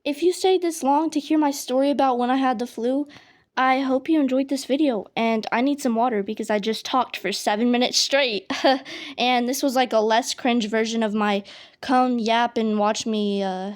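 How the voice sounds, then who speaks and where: A woman's voice: a little high, steady tone, moderate pace. A young woman telling a casual, rambling story full of slang and fillers, with game clicks behind her. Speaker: storytime vlogger. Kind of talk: casual storytelling over gameplay. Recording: noisy home recording with clicks. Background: game mouse and keyboard clicks.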